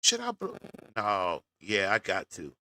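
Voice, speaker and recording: Man, commentary host; slow, bright, lively delivery, folksy and direct to camera. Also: lowish voice, a little hiss or hum. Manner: folksy, talks straight to his audience. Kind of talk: casual reaction commentary to viewers.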